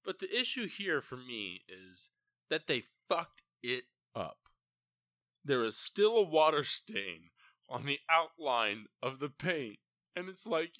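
A man's voice: fairly high pitch, fairly bright tone, dry recording. A young man co-hosting a podcast, ranting and joking with lots of swearing in casual chat. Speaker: podcast co-host.

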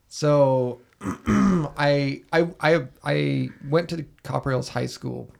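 Gravelly man telling a story. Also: a little high, slow pace. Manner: animated, acts out his own reactions with swearing. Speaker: podcast host. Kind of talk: casual storytelling. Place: basement room.

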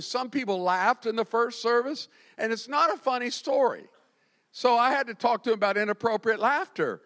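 Animated, high-voiced preaching man. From Florida, US. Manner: animated storytelling with self-deprecating humor. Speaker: pastor. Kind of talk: sermon.

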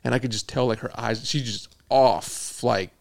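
Gravelly-voiced man telling a rambling story. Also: medium pitch, fairly even intonation, moderate pace. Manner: profane, rambling, laughs often. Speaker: podcast co-host. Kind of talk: casual storytelling chat.

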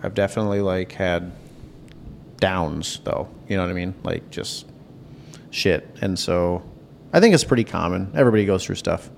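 A young man, a podcast guest, chatting casually and telling stories in a loose, frank way with a gravelly voice. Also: low voice, moderate pace, a little hiss or hum. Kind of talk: casual chat.

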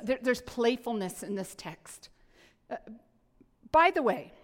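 Playful woman pastor preaching in a reverberant hall. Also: on the high side. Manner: animated, playful, with frequent restarts. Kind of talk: sermon.

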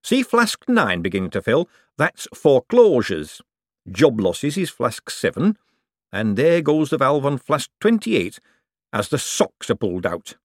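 A man voicing an eager, fussy little male bank economist who talks slowly and earnestly. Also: medium pitch, huge pitch swings, dry recording, clean studio sound, voice pushed up.

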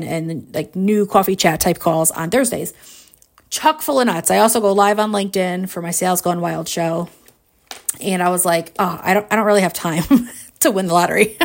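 Give me an animated woman in her forties, a podcast host telling a story casually, with plenty of laughs. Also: on the low side. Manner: animated, laughs often, many fillers.

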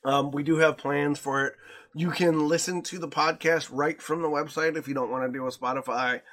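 A man co-hosting a casual podcast. He talks in an animated way and jumps high in pitch when he jokes and mimics people. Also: normal speed. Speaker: podcast co-host.

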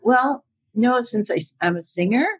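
Chatty older woman guest, husky voice, easy laughs, lots of ums. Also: a little high, moderate pace. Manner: chatty, laughs often, many fillers. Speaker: voice actor guest. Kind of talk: casual interview chat.

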